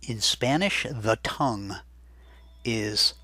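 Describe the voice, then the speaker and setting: A man teaching a recorded Spanish vocabulary lesson in a chatty way, saying each word slowly and more than once so students can write it down. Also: lowish voice, bright, forceful tone, breathy edge, dry recording.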